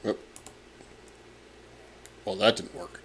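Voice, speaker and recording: A man and astronomy professor narrating his data work on a live stream, muttering and halting with many fillers, his words muffled by a pen in his mouth. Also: a bit bright, a little hiss or hum. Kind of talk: casual live-stream narration while working.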